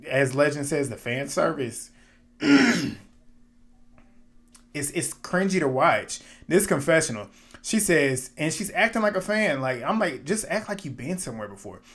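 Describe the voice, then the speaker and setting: This is a man delivering casual recap commentary on a reality show, in a slightly higher-than-usual voice. He is loose and opinionated, breaks into laughter often, and swears freely as he talks. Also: unhurried. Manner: animated, laughing, profane and opinionated.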